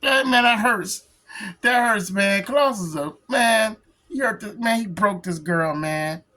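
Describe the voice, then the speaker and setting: A woman's voice: mid-range voice, lively intonation, measured pace, bright, forceful tone. A woman reviewing a comic book on video, giving laughing, slangy commentary with repeated asides.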